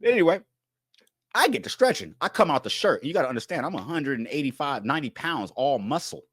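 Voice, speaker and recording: A man's voice: on the high side, fast, no echo. A man telling a story from his time in jail, laughing often and acting out the dialogue. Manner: animated, laughing, acts out dialogue.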